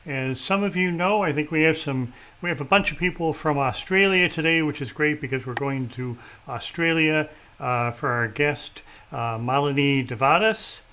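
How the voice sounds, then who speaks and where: A man's voice: on the high side, normal speed, few pauses, bright, forceful tone, a little hiss or hum, rough recording. A man hosting a casual interview, chatty and self-deprecating, with many fillers and restarts. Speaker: host. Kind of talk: casual video-call interview.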